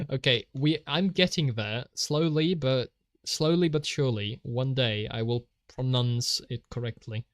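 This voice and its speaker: A man's voice: medium pitch, takes it slowly, no echo, clean studio sound. A young man with a Polish accent, chatting casually on a drawing stream, laughing often. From Poland. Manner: giggly, laughs often, reads out chat. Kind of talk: casual live-stream chat while drawing.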